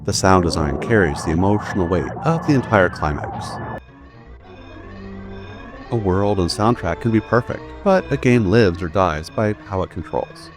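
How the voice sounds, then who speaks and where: Deep-voiced man narrating a video essay. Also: expressive, normal speed. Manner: emphatic, building to punchy statements. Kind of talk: scripted narration. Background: faint background music.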